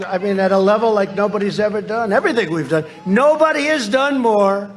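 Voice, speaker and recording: A man's voice: high-pitched, brisk, a little hiss or hum. A man giving a rally speech into a podium microphone, telling boastful, repetitive stories to a crowd. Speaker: politician speaking at a rally. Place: large rally venue.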